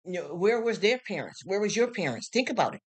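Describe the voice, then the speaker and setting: A woman's voice: medium pitch, sing-song, fast, breathy edge. A middle-aged woman live streaming, talking bluntly and emphatically with many repeated words while reacting to viewer comments. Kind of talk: casual live stream monologue, reading comments.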